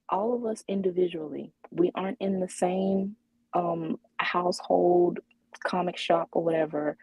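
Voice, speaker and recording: A woman co-hosting a podcast talks slowly and thinks out loud, with many ums and restarts. Her voice is low and mellow with a husky edge. The sound is dry and close. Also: no room sound, low-quality recording. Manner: hesitant, many fillers and restarts. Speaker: podcast co-host. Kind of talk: casual chat.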